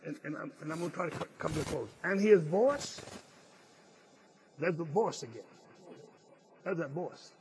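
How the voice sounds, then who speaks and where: A man's voice: fairly high pitch, a little fast, a little hiss or hum, low-quality recording. A male preacher delivering a sermon as earnest storytelling, stressing key phrases and sometimes restarting his words. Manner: some stammered restarts.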